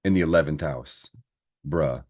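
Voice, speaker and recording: A man's voice: extremely low pitch, unhurried, breathy edge. A man giving a casual astrology and tarot reading to camera, talking in a slangy, profane, encouraging way. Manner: slangy, profane, animated pep talk.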